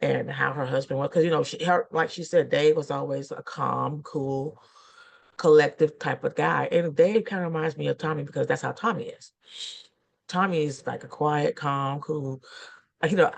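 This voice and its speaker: A woman's voice: sits low, normal speed, creaky. A middle-aged woman minister chatting casually, rambling and laughing through her stories with lots of fillers. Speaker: guest minister. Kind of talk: casual chat.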